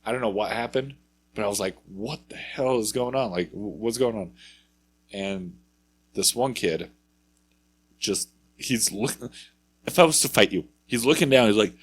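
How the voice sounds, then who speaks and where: Husky low-voiced man telling a story. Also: normal speed, long pauses. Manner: rambling anecdote with acted-out quotes and profanity. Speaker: podcast co-host. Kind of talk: casual storytelling chat.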